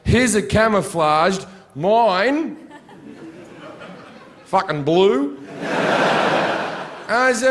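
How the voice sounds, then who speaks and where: A man's voice: sits high, lively intonation, slow pace, long pauses, a crowd in the background. A man doing stand-up, telling a story in a crude, sardonic way and acting out the scenes. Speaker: stand-up comedian.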